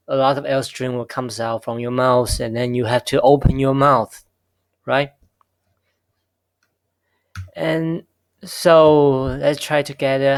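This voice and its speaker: Man, lecturer, self-correcting, crisp voice, dry close sound. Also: medium pitch, no room sound. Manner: slow, self-correcting explanations with frequent okays. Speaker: linguistics instructor. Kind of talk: recorded lecture.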